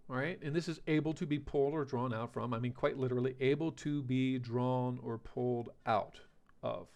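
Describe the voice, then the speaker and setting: A man's voice: mid-range voice, gravelly. A male teacher giving a vocabulary lesson, rambling and correcting himself, often checking in with "okay?" and "right?".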